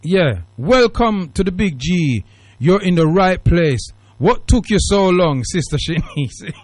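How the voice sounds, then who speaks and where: Lively Jamaican Patois-tinged British radio host. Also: male voice, sits high, slow, no echo. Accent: Jamaican Patois-tinged British English. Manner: animated, preachy, emphatic. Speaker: radio talk show host. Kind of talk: casual call-in radio talk. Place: radio studio.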